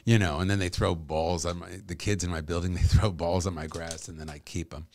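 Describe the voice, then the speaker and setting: A middle-aged man, an actor and comedian, chatting as a podcast guest, animated and laughing as he tells stories. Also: deep voice, fairly quick, slight background noise. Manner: animated, joking storyteller who laughs often. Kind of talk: casual podcast conversation.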